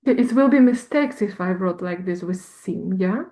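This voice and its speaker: A woman's voice: on the low side, lively intonation, measured pace, dark tone. A woman student reading words aloud in a lesson, hesitant and sounding them out.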